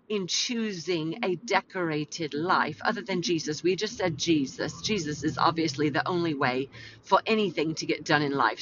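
A woman's voice: low voice, normal speed. A woman hosting a faith podcast, mixing prayer with casual, slangy, rambling and self-deprecating talk. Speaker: podcast host. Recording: slightly muffled with faint background hum.

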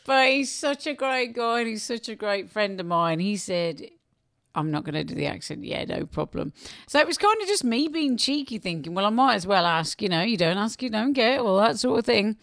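A woman's voice: on the high side, animated, a little fast, hardly any pauses, fairly bright tone, no echo, studio quality. A woman with a Black Country accent, a musician chatting cheekily and self-deprecatingly in a casual radio interview. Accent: Black Country English. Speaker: musician guest.

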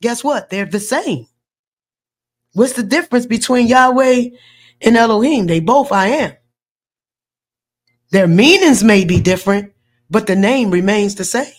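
A woman's voice: on the high side, expressive, a little slow, pauses often. A woman hosting a faith podcast, talking in an emphatic, preachy way and repeating words as she builds a point. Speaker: podcast host. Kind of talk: faith discussion.

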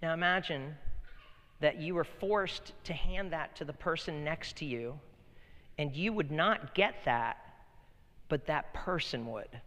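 A man preaching a sermon with a bright, forceful voice that rings out in a large hall with long reverb. He swings between loud emphatic peaks and soft, close storytelling. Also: a little high, a little slow. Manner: preaching, swinging from loud emphatic bursts to quiet intimate talk. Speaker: pastor.

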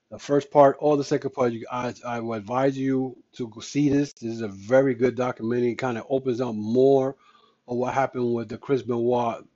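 A man's voice: medium pitch, a little mellow, dull audio. A man hosting a podcast, ranting in a heated, emphatic, repetitive way. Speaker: podcast host. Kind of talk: casual ranting commentary.

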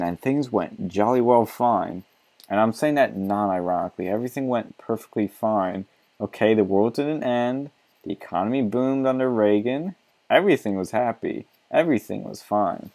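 Brief: low-pitched male commentator, sarcastic and mocking, swears freely. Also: normal speed, a little mellow. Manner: sarcastic, mocking, swears often, laughs between remarks. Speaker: commentator reacting to an article. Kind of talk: reading aloud and ranting commentary.

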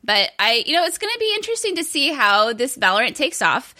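A woman's voice: high-pitched, sing-song, quick pace, pushed and bright. A woman co-hosting a gaming show, joking casually and talking to the live chat. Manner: playful, joking, talks to chat. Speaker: co-host of a gaming news show.

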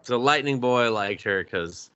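A man's voice: mid-range voice, expressive, unhurried, a bit bright, muffled recording. A man co-hosting a casual anime podcast, talking in a sarcastic, jokey way. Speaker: podcast co-host.

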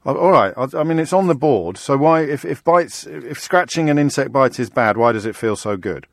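A British man hosting a radio phone-in, quick and wry, teasing his callers while restarting his sentences. His voice sits mid-range and sounds close and dry on a studio mic. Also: medium pitch, expressive, vocal fry, no room sound. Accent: British English. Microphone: studio microphone.

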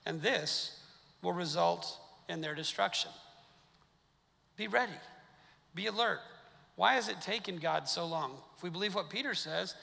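A high-voiced male pastor with a gravelly rasp, delivering a sermon in a casual, conversational way with wry asides. His tone is bright and forceful. The sound carries the long reverb of a church sanctuary. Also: measured pace, pauses often.

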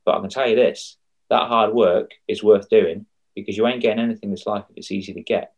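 A man's voice: lowish voice, quick pace. A young man coaching on confidence in a casual podcast chat, acting out quoted voices as he tells stories. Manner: animated storyteller, acts out quoted voices.

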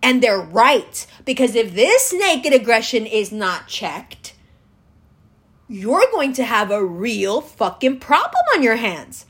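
A woman's voice: a little high, very animated, takes it slowly, a bit bright, husky. A woman delivering an angry, profane political rant, scornfully lecturing the viewer directly. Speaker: political commentator.

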